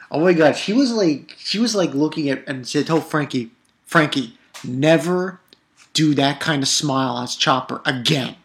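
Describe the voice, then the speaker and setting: Young man, fairly high voice, casual episode review, rambling, profane, filler-heavy. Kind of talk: casual episode recap vlog.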